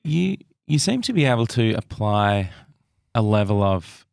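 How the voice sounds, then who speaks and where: Male podcast host, gravelly lowish voice, dry close sound. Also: big pitch swings, unhurried, a little mellow, no room sound. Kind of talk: conversational interview.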